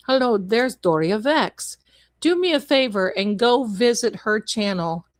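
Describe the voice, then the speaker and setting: A woman's voice: a little high, expressive, measured pace, dry recording. A woman hosting a live show, chatting casually with rambling asides. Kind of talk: casual livestream chat.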